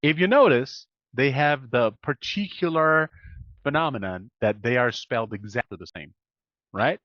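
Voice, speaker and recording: Guy teaching english pronunciation on a video call, lively sing-song pitch, dry dull audio. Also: moderate pace, dry recording. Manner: encouraging, explains patiently with frequent "right?". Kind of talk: online one-on-one lesson.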